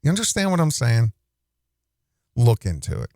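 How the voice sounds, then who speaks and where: A man's voice: mid-range voice, huge pitch swings, moderate pace, a little mellow, no echo, clean studio sound. A man hosting a casual reaction commentary, rambling and indignant, with many restarts. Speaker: commentary host.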